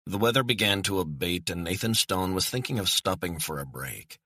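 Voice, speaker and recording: A deep-voiced man reads a thriller audiobook in a steady, measured way. His voice is forceful with a husky grain. The close-mic recording is completely dry. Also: no echo. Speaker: audiobook narrator. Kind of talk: scripted narration.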